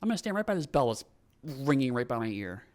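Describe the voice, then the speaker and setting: A man's voice: mid-range voice, big pitch swings, fast. A man co-hosting a podcast, explaining plot points and joking sarcastically during a movie watch-along. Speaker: podcast co-host. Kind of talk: casual movie commentary chat. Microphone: podcast mic.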